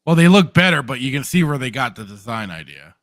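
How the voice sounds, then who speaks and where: A man's voice: mid-range voice, lively intonation, quick pace, fairly bright tone, no room sound. Rambling man, casual review chat. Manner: rambling, laughs often, many fillers and restarts. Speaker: podcast co-host.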